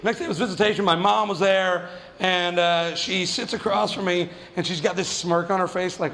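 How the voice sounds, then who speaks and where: Stand-up man, high voice, profane self-mocking storyteller, reverberant hall. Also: steady tone, moderate pace, creaky, a bit bright, a little hiss or hum. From New Mexico. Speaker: stand-up comedian.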